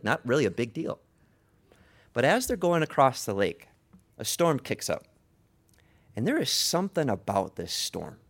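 A gravelly male preacher delivering a sermon with dramatic storytelling. His pitch rises and falls widely, and he drops to a hush one moment and calls out the next. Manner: dramatic storytelling, swings from hushed to loud.

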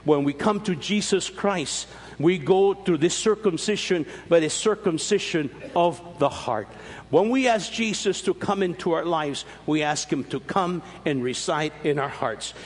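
A man's voice: a little slow, husky, long reverb tail. A man preaching a sermon as pastor, swinging his voice up and down as he explains scripture. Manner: preaching with sweeping rises and drops in pitch.

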